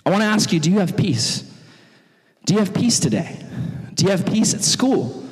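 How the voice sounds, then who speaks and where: A man preaching to young people as their pastor, animated and jokey, acting out quotes in funny voices. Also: high voice, normal speed. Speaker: youth pastor. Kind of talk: sermon. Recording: long hall reverb.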